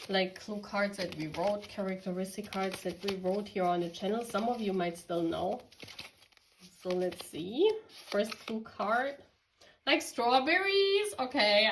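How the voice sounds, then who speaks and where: A woman's voice: medium pitch, noisy background. A woman from Germany giving a casual tarot reading, chatty and giggly, talking straight to her viewers. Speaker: tarot reader.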